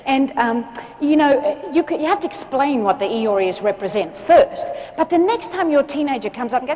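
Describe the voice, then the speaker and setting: Animated high-voiced woman speaker. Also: moderate pace, big-room sound, noisy background. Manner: animated, chatty, laughs often, asks the audience questions. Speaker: motivational speaker. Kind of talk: humorous keynote speech. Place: live event before an audience.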